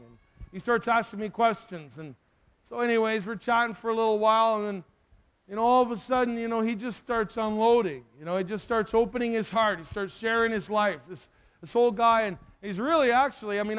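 Male preacher, high voice, emotional storyteller in a sermon. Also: fairly quick, smooth. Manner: emotional, animated storyteller who acts out the dialogue.

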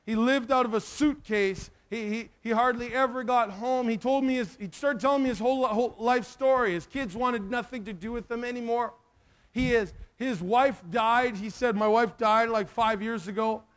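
Guy preaching, high voice, gets emotional acting out his story. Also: moderate pace. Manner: emotional, animated storyteller who acts out the dialogue. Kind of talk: sermon storytelling.

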